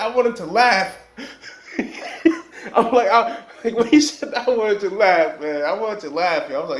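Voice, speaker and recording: A man's voice: sits high, a little slow. A man telling a long dream story in casual, rambling street slang with emphatic warnings. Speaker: vlogger. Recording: echoey room.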